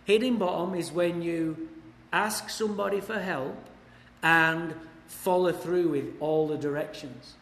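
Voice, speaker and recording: Englishman, blunt wry storyteller at a recovery meeting, slightly high voice, echoey hall with long reverb. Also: measured pace, a bit bright. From England. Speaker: recovery speaker. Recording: echoey hall, faint ambience.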